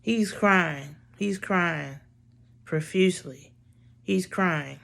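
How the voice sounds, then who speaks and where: Woman, casual storytelling, unhurried delivery, blunt, exasperated, swears freely. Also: on the low side, vocal fry, a bit bright.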